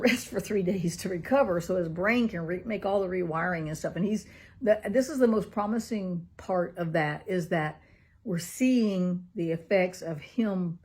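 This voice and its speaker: A woman's voice: on the low side, dark tone, slightly rough. A middle-aged woman, a caregiving mother, talking earnestly in a personal vlog, laughing often and sometimes dropping to a whisper.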